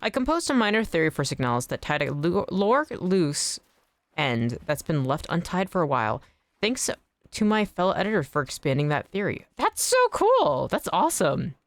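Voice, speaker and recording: Chatty low-voiced woman streaming a game. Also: sing-song, fairly quick, no room sound. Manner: chatty, rambling, swears casually. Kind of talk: casual gaming stream chat. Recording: faint background music.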